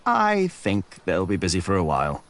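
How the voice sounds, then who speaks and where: A man's voice: low voice, wildly swooping pitch, normal speed, fairly bright tone, full character voice. An actor playing a wry, easygoing young male builder, the hero of a game. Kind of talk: game voice acting.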